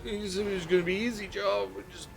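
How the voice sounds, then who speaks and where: A man's voice: fairly even intonation, quick pace, creaky, faint music behind. A man voicing a huge young man who sobs and babbles in a panic while pleading for help. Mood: sobbing confession. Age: young adult. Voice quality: high, strained, sobbing. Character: hulking panicked young farmhand, sobbing and babbling. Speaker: game master. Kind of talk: tabletop role-play voice.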